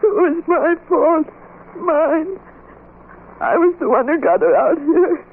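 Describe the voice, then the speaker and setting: Grieving young woman, crying, very high and drawn out; old radio drama, thin hissy sound. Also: sing-song, takes it slowly, phone-quality sound, heavily acted. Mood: grief-stricken. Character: young woman frantic with grief. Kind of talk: 1930s radio acting.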